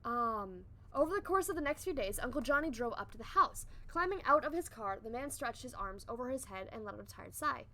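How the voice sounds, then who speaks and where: A young adult woman streamer reading a story aloud on a live stream, chatting with viewers between passages in a playful, animated way. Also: fairly high pitch, fairly quick, hardly any pauses.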